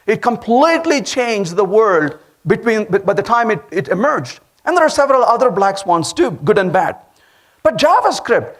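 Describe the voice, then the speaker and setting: High-pitched, animated man giving a talk. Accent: Indian. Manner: animated storytelling, asks the audience questions. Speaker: conference speaker. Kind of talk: lively tech conference talk. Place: conference hall.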